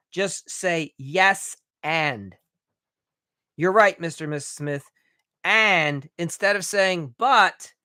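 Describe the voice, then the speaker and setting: A man coaching remodelers in a live training, blunt and a bit profane, talking in quick bursts with restarts. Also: high-pitched, sharp tone, no echo, clean studio sound. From United States.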